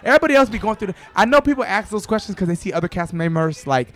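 A man's voice: sits high, expressive, racing, a bit bright. A man who is a reality TV cast member, guesting in a casual interview with a brash, joking manner.

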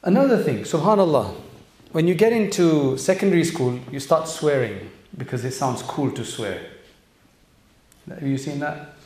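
A man's voice: a little high, animated, moderate pace, a little mellow. A man giving an earnest religious talk to young people, direct and full of rhetorical questions. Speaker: Islamic speaker addressing youth and parents. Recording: echoey room.

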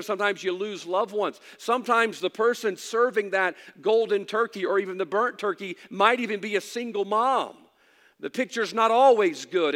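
A middle-aged man preaching a sermon in a church, his voice sitting a little high for a man. He swings between emphatic preaching and relaxed, folksy storytelling. A long reverb trails behind his words. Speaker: pastor.

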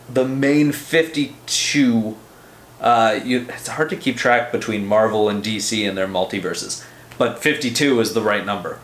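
A man's voice: medium pitch, slight background noise. Guy gushing about comics, swears a lot, lots of ums, kinda echoey room. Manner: excited, profane, rambling with fillers. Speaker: comics podcast host. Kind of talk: casual comic book review.

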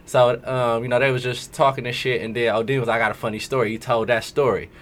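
A man's voice: mid-range voice, little pitch movement, quick pace. A man casually telling a long story in street slang to friends. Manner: laid-back slangy storytelling, slips into voices when quoting people.

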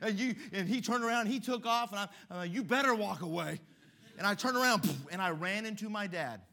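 A middle-aged male pastor preaching a sermon, telling stories in an animated way with emphatic swells. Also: high-pitched, fast, slight background noise.

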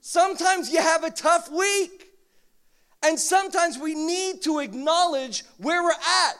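A man preaching a sermon with humor, swinging from quiet asides to shouted, dramatic prayers. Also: very high voice, a little slow.

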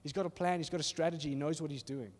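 A man with a high voice preaches to a congregation, conversational and animated, often checking in with his listeners. His voice rings out with the long reverb of a large hall. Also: racing. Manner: animated and conversational, acting out little voices, asks "are you with me?". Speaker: pastor. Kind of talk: sermon. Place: church hall.

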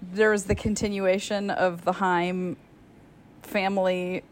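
A woman's voice: mid-range voice, little pitch movement, slow pace, a little hiss or hum. Wry woman chatting about a film. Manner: wry, laughs through her own retellings. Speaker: podcast co-host. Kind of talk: casual movie discussion.

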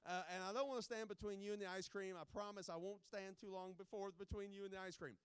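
A pastor giving informal, joking remarks before a sermon, rambling with many restarts. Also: male voice, high-pitched, fairly even intonation, fast talker, clean tone, no room sound.

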